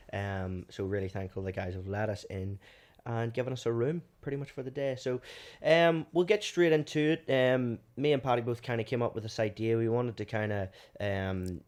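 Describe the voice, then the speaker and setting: A man's voice: lowish voice, a little mellow. A young man, hosting a casual podcast chat in an upbeat way and steering the conversation. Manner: upbeat, introduces and steers the talk. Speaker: podcast host.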